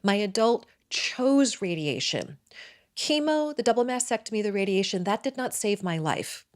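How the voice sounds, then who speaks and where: Excitable, talkative woman in her forties; interview guest telling her story. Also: mid-range voice, moderate pace. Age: 40s. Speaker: guest, midwife and acupuncturist. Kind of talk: personal storytelling in conversation.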